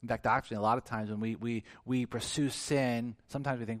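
A man preaching a sermon in an animated way, acting out quoted voices with big swings in pitch and loudness. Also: brisk, few pauses, no room sound. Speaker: pastor.

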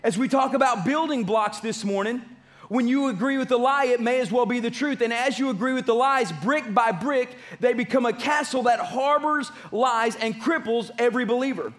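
A man's voice: very high voice, brisk, fairly bright tone. A man preaching a sermon as pastor, emphatic and repeating his key phrases.

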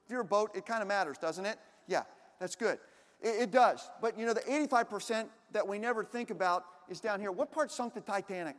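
Very high-voiced male preacher in a hall. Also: a little fast. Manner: dynamic, swings between loud emphatic bursts and quiet asides. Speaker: pastor. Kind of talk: sermon.

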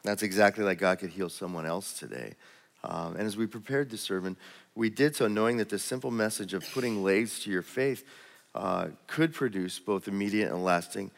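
Male pastor, deep voice, conversational sermon, church hall reverb. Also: moderate pace, creaky. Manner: conversational, storytelling, with repeated restarts. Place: church auditorium.

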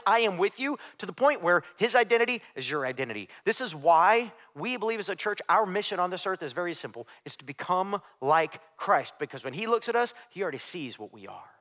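A male pastor preaching to his congregation in a long-reverberant church hall. His voice sits high and bright, and he moves between emphatic points and chatty asides in an easygoing sermon style. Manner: emphatic, conversational preaching with side notes. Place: church sanctuary.

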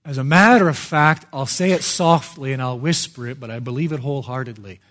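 A smug churchgoer protesting his own goodness, as a preacher puts him on. He turns defensive, then drops to a quick, confiding murmur. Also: medium pitch, a bit bright, a little hiss or hum, natural voice. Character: self-satisfied churchgoer insisting he is good.

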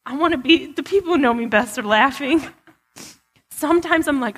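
A woman with a slightly high voice tells her own story to a congregation. She talks candidly and loosely, full of casual fillers. The sound carries a long echo from the church sanctuary. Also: moderate pace, fairly bright tone. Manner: candid, chatty, many fillers. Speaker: church speaker. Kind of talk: personal testimony sermon. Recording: long hall reverb.

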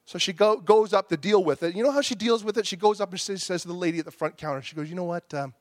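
A man preaches in a fairly high voice, recorded close and dry with no room around him. He tells a story from his life, acting out his own angry outbursts and the softer replies. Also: fast talker, no room sound. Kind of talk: storytelling sermon.

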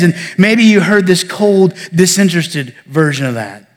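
A man pastor preaching a sermon, building emphasis and then falling to soft near-whispers. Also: high voice, animated, moderate pace, in a large hall. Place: church sanctuary.

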